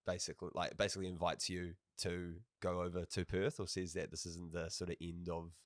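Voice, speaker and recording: NZ male podcast host, low, relaxed, slangy. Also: brisk, no echo, studio quality. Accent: New Zealand. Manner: laid-back, supportive, slangy. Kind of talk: casual interview.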